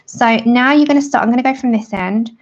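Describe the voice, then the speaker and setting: A woman's voice: fairly high pitch, fast, highs cut off. A woman hosting a live colouring tutorial, chatting with viewers by name and laughing often as she works. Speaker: art livestream host.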